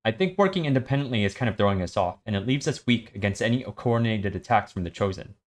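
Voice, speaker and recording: A man's voice: fairly low pitch, lively intonation, quick pace, close to an everyday voice. A man voicing a confident, persuasive teenage girl while reading a story aloud.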